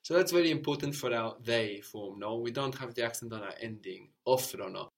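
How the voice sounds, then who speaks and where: Guy teaching a language lesson, patient, asks and repeats, normal pitch voice. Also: brisk, vocal fry. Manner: patient, prompting questions and repeating answers.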